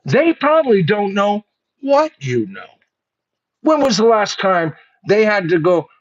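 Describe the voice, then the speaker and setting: A man's voice: high voice, big pitch swings, measured pace, highs cut off. A man hosting a livestream. He rants bluntly and profanely and speaks to his viewers as "folks.". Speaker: host of a livestream show. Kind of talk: livestream commentary rant.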